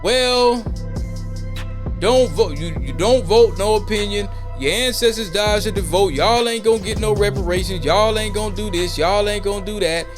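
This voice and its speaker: A man hosting a podcast in an animated opinion rant, mocking the voices he quotes. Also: sits high, normal speed, over music. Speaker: podcast host. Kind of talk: casual opinion monologue.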